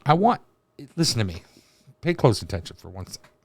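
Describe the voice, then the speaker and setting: A man's voice: medium pitch, very animated, brisk, darkish tone, breathy edge. Guy doing mocking reaction rants, swears constantly, dry sound, no room echo. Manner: crude, mocking, rambling rants with heavy swearing. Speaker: reaction video host. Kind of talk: profane reaction commentary.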